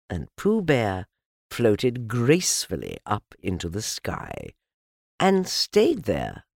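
Slow, gravelly storybook narrator, a man. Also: medium pitch, no room sound, clean studio sound. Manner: slow, deliberate, softly lilting. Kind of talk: storybook reading.

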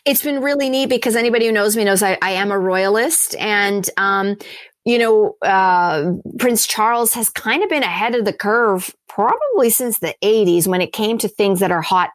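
A woman answering interview questions in a chatty, animated way, with lots of fillers and restarts. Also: mid-range voice, normal speed, no room sound. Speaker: TV host being interviewed.

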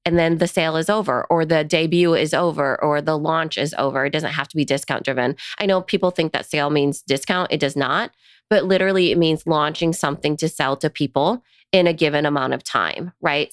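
A woman co-host talking business in a relaxed, chatty way, tossing in quick asides. Her voice sits lowish and sounds smooth and clear. The sound is dry and close, with no room around it. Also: no echo. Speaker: podcast co-host. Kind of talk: casual business chat.

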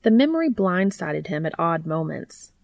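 A woman narrating fan fiction aloud in a steady, measured storytelling manner. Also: fairly low pitch, vocal fry, no echo.

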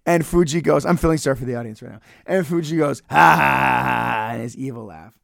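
A man's voice: mid-range voice, quick pace, creaky, a little mellow, no room sound, studio quality. A man reviewing a wrestling match in casual solo podcast commentary, profane, sarcastic and rambling.

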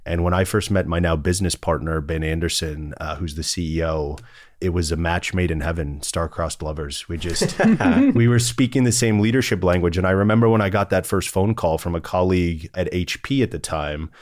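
A man's voice: sits low, brisk, no room sound. A man, a partner at an executive search firm, speaking in a conversational interview with an earnest, polished business manner.

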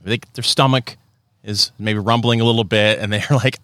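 Wry, teasing bright-voiced man. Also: fairly low pitch, fairly even intonation, normal speed, no room sound. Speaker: podcast co-host. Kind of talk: casual banter.

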